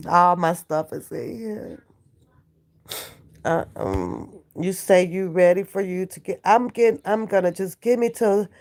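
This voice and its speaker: A woman's voice: on the low side, gravelly, a little mellow. A woman who is sick with a cold, chatting from her bed on a live stream, profane and laughing as she banters with her chat. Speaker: vlogger talking to live chat. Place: in bed at home.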